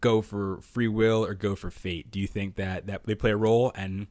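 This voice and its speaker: A man co-hosting a casual podcast, excitable and quick to laugh as he thinks out loud. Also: fairly low pitch, no room sound. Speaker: podcast co-host.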